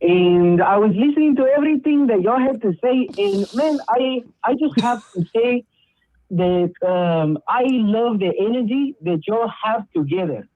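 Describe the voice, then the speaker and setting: A high-pitched caller full of cheek, put on by a man flirts and jokes without pause. The line is tinny and dry, as if from a phone held close. He lays it on thick. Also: lively intonation, dark tone, no echo. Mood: cheeky. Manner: playful, over-the-top flirting. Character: flirty joking male caller, newly arrived cousin. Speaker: prank caller.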